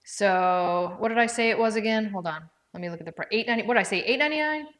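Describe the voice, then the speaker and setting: A woman's voice: mid-range voice, quick pace, a bit bright. A woman hosting a casual live stream from home, chatting with viewers by name and thinking aloud as she checks prices. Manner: chatty, talks to viewers by name and reads out comments. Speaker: livestream product presenter. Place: indoors at home with her dog.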